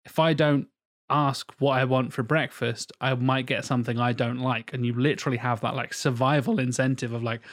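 A young man chatting casually on a podcast, telling stories with lively asides and acted-out quotes. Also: mid-range voice, fairly quick. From England. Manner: animated storyteller, acts out quoted voices, swears freely. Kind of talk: casual chat.

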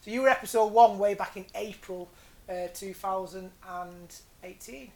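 A man's voice: high voice, moderate pace, vocal fry, slight background noise. A man hosting a podcast, chatting casually with teasing, joking banter. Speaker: podcast host. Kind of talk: casual chat.

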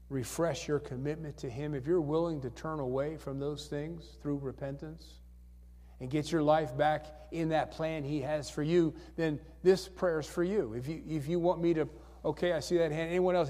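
A male pastor leads an altar call in a sanctuary, speaking at normal speed in a slightly high, steady voice with a dark tone. Coaxing and repetitive, he poses the same questions again and again, calling for raised hands amid church hall reverb.

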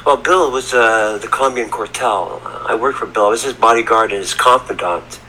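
A man's voice: mid-range voice, moderate pace, pushed and bright, slight background noise, poor audio. A middle-aged man telling a story as a podcast guest, rambling and repeating words, from Canada. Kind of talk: casual storytelling. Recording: faint background ambience.

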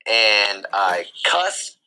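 A man's voice: on the low side, very animated, extremely slow, sharp tone, slight background noise, low-quality recording. A young man co-hosting a casual podcast, joking around, swearing a lot and slipping into silly voices. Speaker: podcast co-host. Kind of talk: casual chat.

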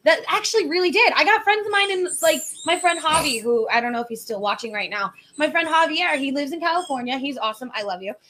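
A woman's voice: high-pitched, fast, hardly any pauses, bright, forceful tone, slight background noise. A woman hosting a podcast in casual chat, chatty and enthusiastic, laughing often. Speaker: podcast host.

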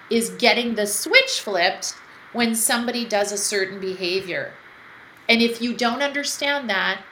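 Bright-voiced woman in a roomy space. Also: medium pitch. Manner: earnest, reflective storytelling. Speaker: guest speaker. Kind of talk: conversational interview. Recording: roomy echo, faint background noise.

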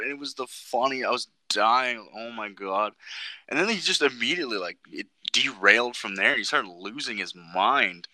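A man co-hosting a podcast in casual chat, telling animated stories, swearing and acting out voices. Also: medium pitch, moderate pace, dry recording, rough recording. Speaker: podcast co-host.

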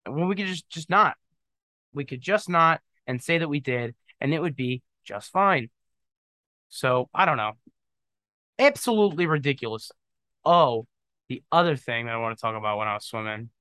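A man's voice: mid-range voice, expressive, normal speed, long pauses, pushed and bright, dry recording. A man talking alone on his podcast in a loose, rambling, jokey way, often tossing in "dude" and trailing off into mumbled asides. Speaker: podcast host. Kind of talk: casual solo monologue.

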